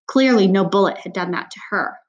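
A woman's voice: medium pitch, brisk, highs cut off. A woman reading a novel aloud in a plain voice, stopping now and then for casual asides, with small slips in her reading. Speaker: audiobook reader.

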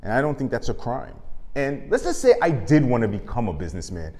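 A man hosting his own show, delivering a comic, impassioned rant full of profanity that swings from loud to muttered. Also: mid-range voice, big pitch swings, fairly quick, big-room sound. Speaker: show host. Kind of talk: comedic monologue rant.

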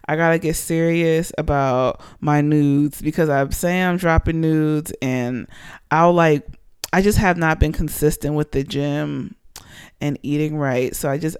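A woman's voice: low voice, clear, resonant tone. A woman in her late twenties hosting a podcast, rambling casually and animatedly with lots of fillers. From Panama. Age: 20s. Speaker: podcast host.

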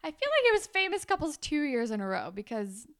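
Animated young woman recapping a show. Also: high voice, a little fast, dry recording, clean studio sound. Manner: animated, swearing, acts out characters in raised voices. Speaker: podcast co-host. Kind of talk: casual recap chat.

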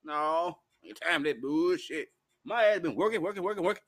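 A man's voice: on the high side, lively intonation, a little fast, a bit bright. A man, rambling profanely through a live-stream monologue while intoxicated. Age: 40s. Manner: profane, rowdy, loose storytelling.

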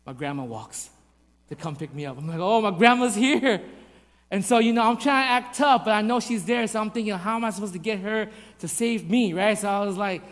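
Pastor guy, fairly high voice, acts out the voices in his story, echoey church hall. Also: brisk. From Vietnamese family. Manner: animated storytelling with acted-out voices. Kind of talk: sermon with personal story.

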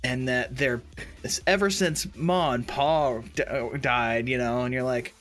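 A man in casual podcast chat, telling a game anecdote with lots of fillers and laughs, dropping into high put-on voices for the characters. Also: measured pace, a bit bright, soft background music. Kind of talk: casual chat about video games.

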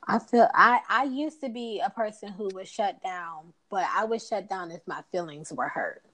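A woman's voice: mid-range voice, moderate pace, poor audio. A woman co-hosting a casual conversation, animatedly acting out dialogue as she tells stories. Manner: animated storyteller, acts out dialogue.

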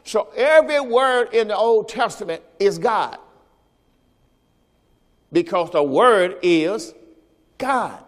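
Lively high-pitched preaching man, hall reverb. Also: takes it slowly, long pauses. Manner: call-and-response preaching, has the congregation repeat phrases. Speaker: pastor. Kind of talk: sermon. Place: church service.

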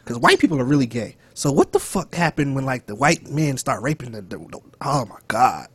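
A young man, joking loudly and then dropping low as a podcast co-host. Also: a little fast, breathy edge, dry recording. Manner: animated, joking, swings loud and soft. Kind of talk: casual podcast chat.

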